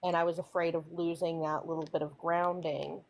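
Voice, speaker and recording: Reflective Southern-raised woman, low voice. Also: level tone, fairly quick, vocal fry, slight background noise. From American South. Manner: reflective, searching. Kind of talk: casual chat.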